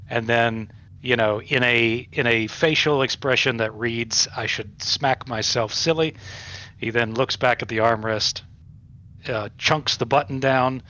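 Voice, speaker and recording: A man's voice: medium pitch, fairly even intonation, moderate pace, sharp tone. A man playing in a tabletop role-playing game, describing what his character does, with many fillers and restarts. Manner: hesitant, full of fillers and restarts. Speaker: player.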